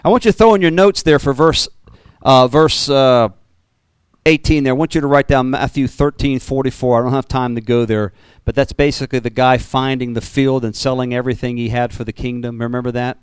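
A man preaching a sermon as pastor, animated, with sudden jumps in pitch and repeated words. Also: brisk, clear, resonant tone, dry recording.

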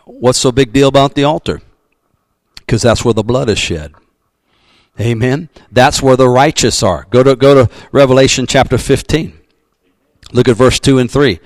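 A man's voice: mid-range voice, normal speed, no echo, low-quality recording. A man preaching a sermon as pastor in a folksy, emphatic style.

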